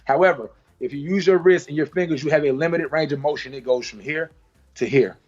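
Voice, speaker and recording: A man's voice: fairly high pitch, a little fast, muffled recording, soft background music. A man teaching a hands-on haircutting class, talking through each move with repeated cues and playful sound effects. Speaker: barber educator. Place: salon.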